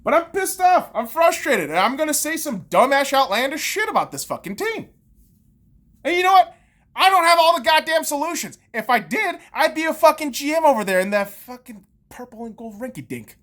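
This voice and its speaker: A woman's voice: sits high, big pitch swings, a little fast, fairly bright tone. A woman podcast host, in her thirties, on a heated and profane sports rant full of sarcastic jabs.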